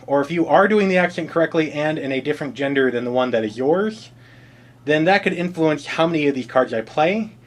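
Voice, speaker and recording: A man's voice: fairly high pitch, fairly bright tone. A man reviewing a board game, explaining the rules in a dry, sardonic way.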